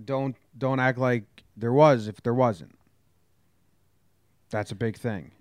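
A man's voice: mid-range voice, steady tone, takes it slowly, darkish tone, dry recording, clean studio sound. Grumpy blunt man hosting a podcast. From New Jersey. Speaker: podcast host. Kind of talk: casual sports chat.

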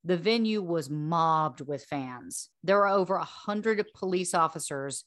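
A woman's voice: lowish voice, animated, a little slow, a bit bright, no room sound, clean studio sound. A woman hosting a podcast, telling a story in a casual, chatty way with frequent laughs and repeated words. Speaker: podcast host.

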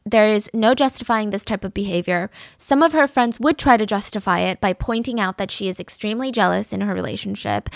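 A woman's voice: medium pitch, a bit bright, dry recording, clean studio sound. A woman telling a true-crime case in a casual, conversational, opinionated way, using fillers like "so" and "like".

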